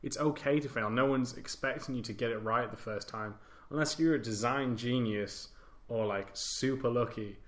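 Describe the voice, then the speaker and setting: A man's voice: medium pitch, moderate pace, few pauses. A man hosting a casual podcast discussion, chatty and informal with a self-deprecating touch. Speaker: podcast host.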